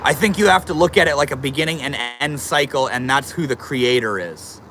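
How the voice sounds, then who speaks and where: A man's voice: medium pitch, brisk, a bit bright, a little hiss or hum. Laid-back slangy man on a livestream. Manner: laid-back, slangy, greets viewers as bro. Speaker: livestreamer reading chat. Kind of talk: casual livestream chat.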